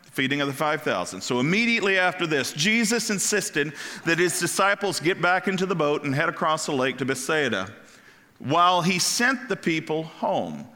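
A man preaching a sermon as pastor, animated and asking the congregation questions. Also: a little high, moderate pace. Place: church sanctuary. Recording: long hall reverb.

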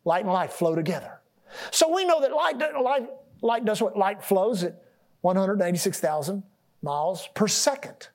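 Pastor preaching with call-and-response. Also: male voice, high voice. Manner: repeats and restarts words, rising and dropping loudness. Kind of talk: sermon.

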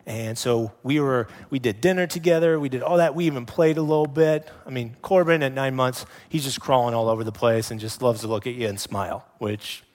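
A man in his thirties, a pastor preaching a sermon with animated storytelling that drops to hushed emphasis. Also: medium pitch, fairly quick, few pauses.

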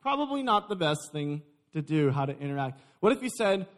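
A young adult man preaching a sermon, lively and joking with his congregation. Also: a little high, a little fast, hardly any pauses. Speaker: pastor.

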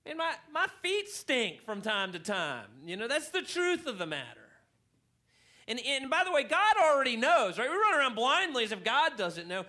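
A man preaching a sermon to a church congregation, telling a funny story in an animated way and getting louder for emphasis. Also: extremely high pitch, moderate pace. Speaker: pastor. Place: church hall.

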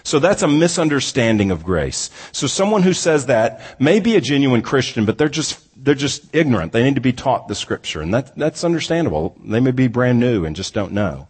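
A man preaching a sermon as pastor, earnest, slowing down for emphasis and then speeding up to argue. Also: medium pitch, very animated, breathy edge. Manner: earnest preaching, pace swinging from slow emphatic to rapid. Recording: reverberant hall.

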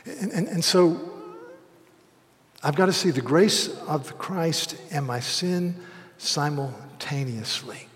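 A man in his sixties preaching a sermon, telling a self-deprecating story, dropping to hushed asides and rising to loud, emphatic peaks. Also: a little high, lively intonation, takes it slowly, a little hiss or hum. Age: 60s. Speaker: pastor. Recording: long hall reverb.

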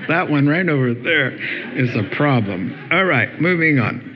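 A man's voice: fairly high pitch, moderate pace, muffled recording, noisy background. A middle-aged male pastor preaching a sermon, telling stories with humor and acting out little voices. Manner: animated storytelling, acts out voices with playful humor.

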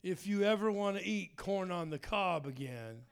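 A man leads a charismatic sermon in a high, ringing voice. His tone is smooth and resonant. He moves between fervent, pressing prayer and relaxed, folksy storytelling. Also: normal speed. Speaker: preacher.

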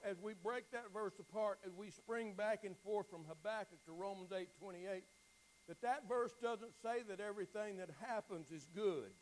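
A man preaching a sermon, swinging from near-shouted pleading down to hushed, quiet passages, often repeating words as he builds. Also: sits high, rough recording. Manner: repeats words and restarts lines.

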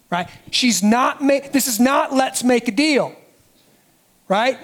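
High-voiced pastor preaching. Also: male voice, measured pace, pauses often. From United States. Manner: animated preaching, dropping soft for emphasis. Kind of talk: sermon.

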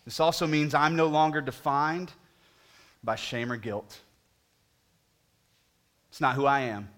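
Bright-voiced preacher swinging loud to soft. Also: male voice, a little slow. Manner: swings between booming emphasis and hushed pleading; talks to the congregation directly with questions. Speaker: pastor. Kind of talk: sermon.

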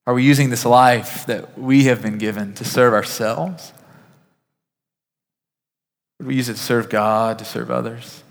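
A man preaching a sermon as pastor, earnest, naming listeners one by one, building to emphatic peaks and dropping to a soft hush. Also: medium pitch, steady tone, unhurried, vocal fry, pauses often. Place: church sanctuary. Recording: reverberant church hall.

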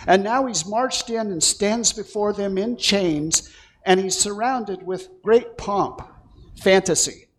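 A male pastor preaching an excited, animated sermon, with playful asides to the congregation. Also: high voice, slow.

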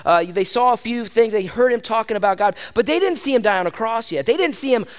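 A man preaching a sermon in an animated, conversational way, often addressing his listeners as "gang". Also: sits high, fast. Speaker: pastor.

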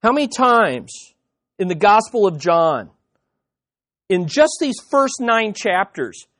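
Animated man preaching a sermon. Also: high-pitched, slow pace. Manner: animated preaching with playful impressions and frequent restarts. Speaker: pastor. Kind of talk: expository sermon.

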